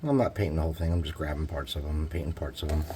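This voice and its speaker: A man's voice: very deep voice, rapid-fire, background noise. A man talking casually through a painting tutorial, thinking aloud as he works. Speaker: hobby crafter.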